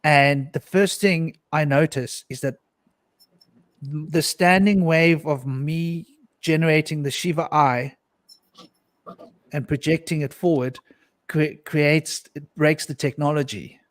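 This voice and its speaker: Male panelist, earnest storyteller, stumbles and repeats himself, voice sits a bit high. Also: steady tone, takes it slowly, dry recording. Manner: earnest, intense storytelling with frequent restarts and repetitions. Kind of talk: recounting a personal mystical experience in a panel discussion.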